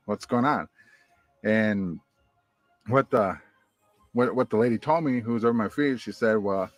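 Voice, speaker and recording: A man's voice: mid-range voice, no echo. A man from the United States telling a personal story in a loose, rambling way, often repeating his words as he goes. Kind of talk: casual storytelling.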